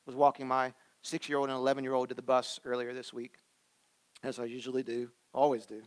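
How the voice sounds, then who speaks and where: A pastor in his thirties preaches a conversational sermon, swinging between loud, emphatic lines and soft, quiet asides. His mid-range voice is fairly quick, with a flat delivery.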